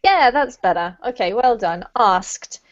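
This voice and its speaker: A fairly high-voiced woman teaching English over a video call. She encourages her students and laughs often. She says each word slowly for them to repeat, and the sound is a little muffled. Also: lively intonation. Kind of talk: online English lesson.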